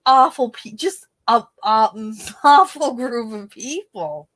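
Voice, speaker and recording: A woman hosting a casual livestream, chatting in an animated way, laughing often and sometimes trailing off quietly. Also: a little high, takes it slowly. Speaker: livestream host.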